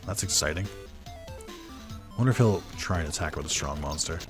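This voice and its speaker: A man's voice: extremely low pitch, fairly quick, music in the background. A young man giving casual let's-play commentary, musing aloud in a laid-back way with little chuckles. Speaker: gamer.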